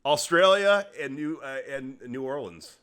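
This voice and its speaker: A man's voice: mid-range voice, measured pace, a bit bright, clear, resonant tone. A young man co-hosting a podcast in casual chat, rambling with lots of restarts. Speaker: podcast co-host.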